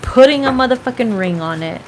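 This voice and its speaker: A woman's voice: a little high, lively intonation, a little fast, slight background noise, low-quality recording. A woman giving a casual tarot reading, chatty and profane, now and then breaking into snatches of song. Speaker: tarot reader.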